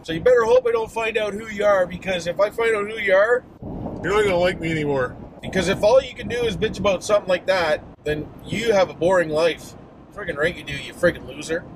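A man's voice: high-pitched, fast. A middle-aged Canadian man vlogging while driving, ranting in a folksy, profane, mock-worked-up way. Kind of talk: casual driving vlog rant. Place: inside a moving car. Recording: noisy car interior.

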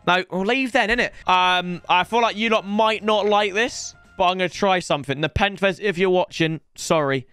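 A young man giving live video game commentary, chatty and slangy, breaking into loud excited outbursts as he talks to his viewers. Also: high-pitched, moderate pace, hardly any pauses, clean tone, no room sound, soft background music. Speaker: gaming YouTuber.

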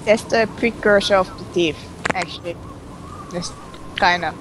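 A woman's voice: lowish voice, unhurried, noisy background. A woman playfully chatting and laughing over online voice chat during a game session. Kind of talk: casual gaming chat.

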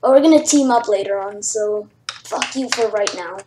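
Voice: medium pitch, normal speed. A young player giving chatty let's play commentary, apologetic and swearing often. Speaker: gameplay commentator. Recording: roomy echo with game music.

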